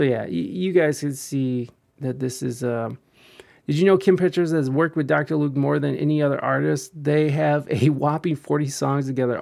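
A man's voice: medium pitch, vocal fry, darkish tone. A young man giving rambling, crude and profane casual commentary as a vlogger.

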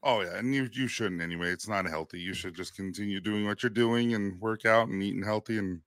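A man co-hosting a casual podcast, speaking in a tired, quiet voice with a joking, teasing manner. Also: lowish voice, fairly quick, dry recording, clean studio sound. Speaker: podcast co-host.

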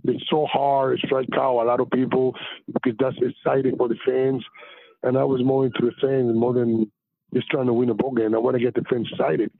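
Gravelly animated man on a phone line. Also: mid-range voice, fairly quick, no echo. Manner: animated, swears, acts out loud quotes. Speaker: interview guest, retired baseball pitcher. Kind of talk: casual storytelling on a podcast. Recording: tinny phone-line sound.

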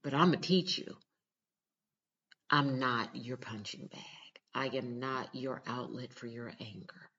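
A woman's voice: rumbling low, unhurried, fairly bright tone, breathy edge, muffled recording. A mother talking straight to her viewers in a casual vlog, earnest, emphatic and direct. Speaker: mother giving relationship advice.

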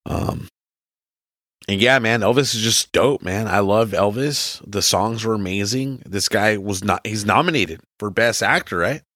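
A man's voice: fairly low pitch, measured pace, bright, forceful tone, no echo, clean studio sound. A young man as a podcast guest, chatting casually and enthusiastically, full of slang. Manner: slangy, enthusiastic, says bro a lot. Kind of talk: casual chat.

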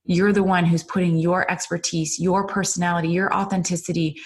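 A woman's voice: on the low side, level tone, brisk. A middle-aged woman hosting her own podcast, talking off the cuff in an earnest, emotional motivational monologue full of fillers and repeated "you guys". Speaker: podcast host and business coach. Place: indoors at a computer. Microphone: computer mic.

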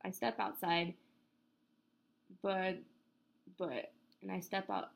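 Gravelly young-sounding woman stumbling through a story. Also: mid-range voice, fairly even intonation, takes it slowly. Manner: stumbles over words, restarts and apologizes; casual and swearing, laughs at herself. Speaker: story narrator. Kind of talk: unedited story reading with outtakes. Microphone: home mic with headphones bumping it.

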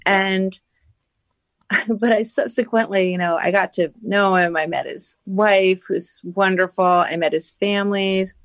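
With a mid-range voice and measured pace, a woman shares a story during a podcast interview. She tells it earnestly and animatedly, full of "you know" fillers, with no room sound in the recording.

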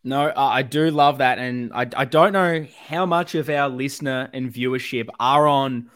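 A man's voice: medium pitch, moderate pace, a bit bright, no room sound, clean studio sound. A man with an Australian accent co-hosting a casual fan podcast, rallying supporters and plugging the show with enthusiasm. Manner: enthusiastic, rallying, plugs socials. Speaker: podcast co-host.

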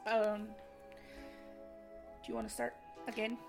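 Gravelly young woman, blunt and profane. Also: on the high side, flat delivery, extremely slow, music in the background. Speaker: podcast co-host. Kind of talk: casual podcast chat.

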